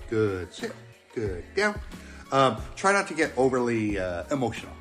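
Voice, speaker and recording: A man in the middle of his range teaches new puppy owners, calm and steady and plain-spoken. He keeps an even, level tone, with a few fillers. Soft music sits faintly in the background. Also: mid-range voice, moderate pace. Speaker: dog trainer. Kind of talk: instructional talk to camera.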